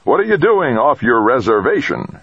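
A man doing a shouting, bossy tycoon. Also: mid-range voice, very animated, normal speed, husky, no echo, muffled recording, pitched above the performer's own voice, exaggerated voice. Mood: barking orders. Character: domineering middle-aged male tycoon barking orders.

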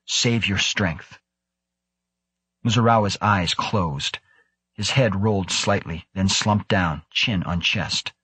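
A man narrating a science fiction audiobook in a measured, even storytelling manner. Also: sits low, breathy edge, no room sound. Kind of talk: scripted narration.

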